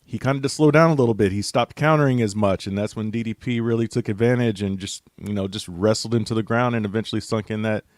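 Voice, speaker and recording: Low-voiced man analyzing a fight. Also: quick pace, few pauses, no echo, studio quality. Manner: thoughtful, hedging with fillers. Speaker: panelist, writer. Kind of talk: casual sports analysis.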